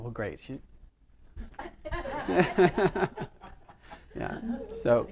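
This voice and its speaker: A man's voice: medium pitch, takes it slowly, pauses often, noisy background. A middle-aged man, a chiropractor, giving a casual workshop talk to a small group, telling stories and asking the audience questions. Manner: chatty, storytelling, asks the audience questions.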